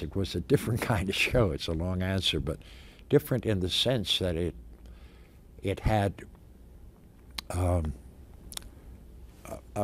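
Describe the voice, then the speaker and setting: An older male actor is interviewed about his career, speaking emphatically and with animation, often restarting and stammering. His voice sits low, and there's a slight hiss or hum in the recording.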